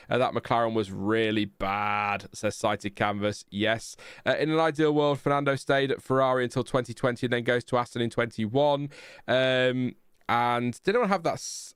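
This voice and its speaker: Smooth-voiced man hosting a casual chat. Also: mid-range voice, no echo, clean studio sound. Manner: rambling, self-mocking, filler-heavy. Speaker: podcast host reading chat. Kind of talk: casual live-stream chat.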